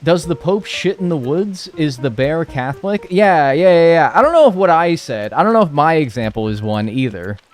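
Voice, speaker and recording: A man's voice: fairly high pitch, lively intonation, moderate pace, few pauses. A young man streaming a video game, chatting casually and rambling, swearing freely as he talks. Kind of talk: casual stream chat while playing.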